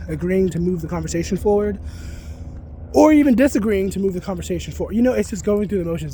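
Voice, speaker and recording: High-voiced man ranting outdoors, profane. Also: dark tone, slight background noise. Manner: profane, heated, rambling. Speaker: psychic reader and spiritual content creator. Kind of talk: casual vlog rant. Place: outdoors near geese.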